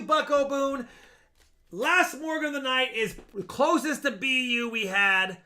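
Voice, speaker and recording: A man hosts a live coin auction stream, talking loosely and chattily as he sizes up each coin. His voice sits high and sounds bright and clear. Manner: chatty, appraising coins in loose run-on speech.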